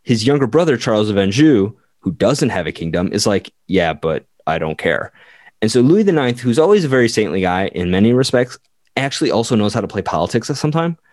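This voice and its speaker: A man's voice: medium pitch, big pitch swings, fast talker, a little mellow, no echo, clean studio sound. A man on a podcast telling history casually, full of "like", acting out the people he quotes. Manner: rambling, full of "like", acts out quotes. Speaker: podcast co-host.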